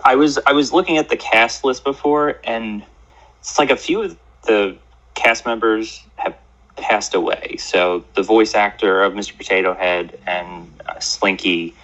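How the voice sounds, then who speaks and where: Man, low voice, forceful tone, joking storyteller, dull lo-fi call audio. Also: a little slow. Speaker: podcast co-host. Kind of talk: casual chat.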